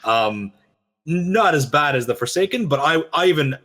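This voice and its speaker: A man co-hosting a casual discussion, telling a story with lively quoted lines. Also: on the high side, moderate pace. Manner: animated storytelling, quoting characters. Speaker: podcast co-host.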